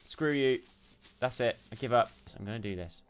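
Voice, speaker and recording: A young man doing let's play commentary, excitable and jumpy, yelping and shouting when startled. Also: mid-range voice, fairly quick, smooth. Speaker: gaming YouTuber.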